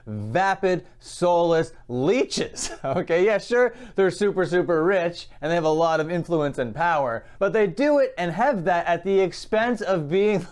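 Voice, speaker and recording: A young man hosting his own commentary vlog, talking casually in a sarcastic, mocking tone and laughing often. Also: high voice. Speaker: channel host.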